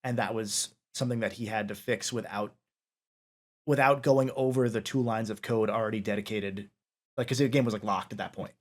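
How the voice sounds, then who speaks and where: A man's voice: fairly low pitch, steady tone, brisk. A man hosting a casual interview, talking at length with many fillers and restarts. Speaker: interviewer, podcast host.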